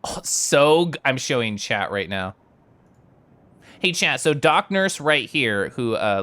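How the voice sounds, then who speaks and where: A man streaming a video game, chatting casually and excitedly while reading chat aloud and giggling. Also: medium pitch, takes it slowly, no echo.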